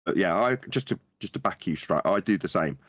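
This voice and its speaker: Low-voiced man in animated chat. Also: brisk, no room sound. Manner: animated storytelling, acts out quotes in a high voice. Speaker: podcast panelist. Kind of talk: casual chat.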